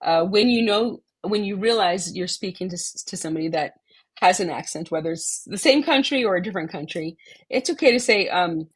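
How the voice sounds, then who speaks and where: A woman from Texas, a podcast guest, talking in a halting way with many pauses and restarts. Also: on the low side, expressive, slightly rough. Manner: halting, many ums and restarts, laughs often. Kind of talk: casual interview chat.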